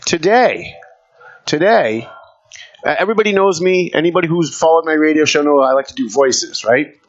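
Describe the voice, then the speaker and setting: A man's voice: fairly high pitch, lively intonation, moderate pace, lo-fi sound. A man hosting a radio talk show, delivering an emphatic, combative opinion monologue.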